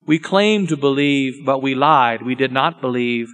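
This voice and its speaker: A man preaching a solemn sermon, grave and intense, often dropping to a hushed voice. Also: medium pitch, unhurried. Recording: long church reverb with faint music.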